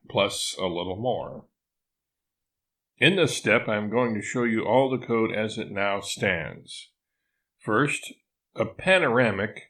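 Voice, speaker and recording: Older male narrator, slightly low pitch, reads a tutorial aloud with dry humor. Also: fairly bright tone. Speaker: newsletter author reading his programming lesson. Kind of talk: reading a written lesson aloud with spoken asides.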